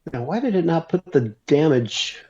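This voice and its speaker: A man's voice: a little high, big pitch swings, moderate pace, darkish tone. Hesitant male player on a dull line. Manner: hesitant, restarts and fillers. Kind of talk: casual tabletop play.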